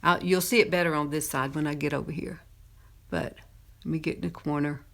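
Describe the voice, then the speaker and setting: A woman's voice: low voice, steady tone, a little fast, vocal fry. Chatty Southern woman in her fifties. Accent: Southern American. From Southern United States. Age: 50s. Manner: chatty, laughs often, talks while applying makeup. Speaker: makeup presenter. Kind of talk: casual makeup tutorial.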